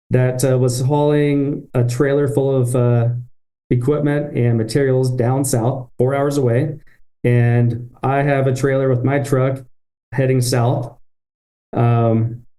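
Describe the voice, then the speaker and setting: A man's voice: medium pitch, warm tone. A man, a business-owner guest on a podcast, telling a story and acting out his own past thoughts and phone calls.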